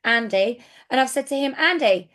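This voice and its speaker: Woman, sales team leader, excitable chatty coach, slightly high voice. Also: moderate pace. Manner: chatty and excitable, with frequent restarts. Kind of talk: casual business coaching talk.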